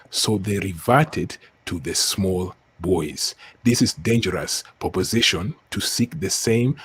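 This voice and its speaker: A man with a West African accent, a panel guest speaking in measured, declarative pronouncements. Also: low-pitched, slightly rough, dry recording. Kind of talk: lecturing opinion.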